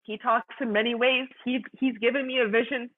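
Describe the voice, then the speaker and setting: A woman's voice: on the high side, steady tone, a little fast, slight background noise. A young woman sharing her personal faith testimony, earnest and fervent, talking in a loose way full of "like" and "you know". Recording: tinny phone-like sound.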